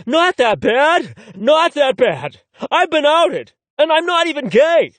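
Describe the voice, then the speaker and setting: A man's voice: sits high, big pitch swings, normal speed, dry recording. A man voicing a brash young man who rants and talks bluntly, without shame, in an audiobook reading. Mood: outraged. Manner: blunt, ranting, matter-of-fact about crude things.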